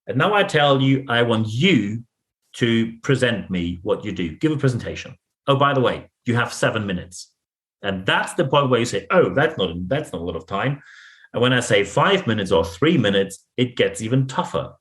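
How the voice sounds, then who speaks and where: A German-accented man delivers a solo podcast monologue on leadership, speaking English as his second language. He talks emphatically, restating phrases to drive each point home, in a voice of middle pitch. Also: lively intonation, moderate pace, fairly bright tone. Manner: emphatic, repeats phrases for effect. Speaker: podcast host and leadership coach.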